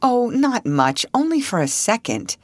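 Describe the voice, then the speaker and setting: A woman's voice: a little high, sing-song, measured pace, no room sound, voice pushed up. A woman reading an audiobook voices a spirited young woman who is playful and earnest.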